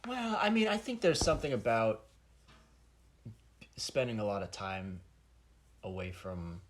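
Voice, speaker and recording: A man's voice: fairly low pitch, lively intonation, measured pace. A young man co-hosting a casual podcast, teasing and mock-serious. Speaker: podcast co-host. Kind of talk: casual banter.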